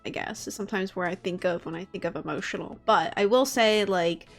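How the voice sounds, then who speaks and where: A woman's voice: medium pitch, fairly quick. A woman talks casually on a stream, rambling through her thoughts with plenty of fillers and restarts. A faint bit of music plays under her voice. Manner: chatty, many fillers and restarts. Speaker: guest. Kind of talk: casual chat.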